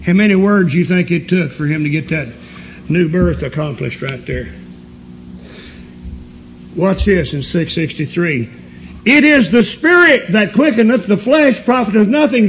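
High-voiced preacher man. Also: lively intonation, unhurried, a little hiss or hum, poor audio. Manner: reads scripture aloud, asks the listeners rhetorical questions. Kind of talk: sermon.

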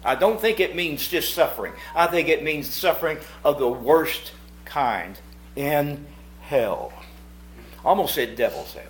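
A middle-aged man preaching a sermon at a church meeting. He swings from hushed asides to shouted points. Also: a little high, lively intonation, measured pace, a little hiss or hum. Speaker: pastor.

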